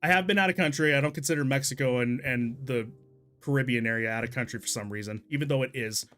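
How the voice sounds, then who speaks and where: A man's voice: medium pitch, fast, a bit bright, faint music behind. A young man from Texas streaming a game, chatting casually with his chat, laughing often and exclaiming in disbelief. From Texas, USA. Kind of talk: casual live-stream commentary while gaming and reading chat.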